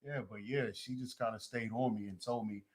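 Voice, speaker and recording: A man guest in a casual interview, telling his story in a relaxed, low-key way. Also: a little fast.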